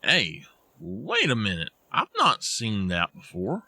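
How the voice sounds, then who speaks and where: A man's voice: fairly low pitch, slow pace, vocal fry, dry recording. A man, chatting casually to his viewers while playing a game live, rambling and thinking aloud. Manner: relaxed, rambling, self-talk with restarts. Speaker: game streamer.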